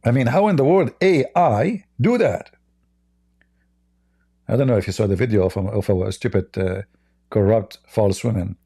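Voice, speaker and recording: A man hosting a live debate stream, talking in a mocking, sarcastic, halting way. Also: on the low side, gravelly, mellow, husky, no room sound, studio quality. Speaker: Christian apologist livestream host.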